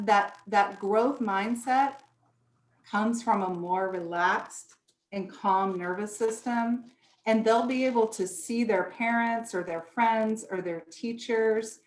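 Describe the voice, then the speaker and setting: A woman presenting a workshop, explaining step by step and acting out example thoughts. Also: mid-range voice. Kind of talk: online workshop talk. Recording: echoey room.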